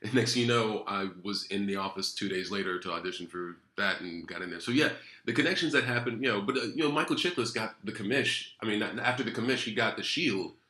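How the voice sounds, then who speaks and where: Fast, bright-voiced male guest in an echoey room, animated chat. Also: on the low side. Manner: animated, repeats words, quotes others in asides. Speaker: actor guest. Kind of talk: casual interview chat.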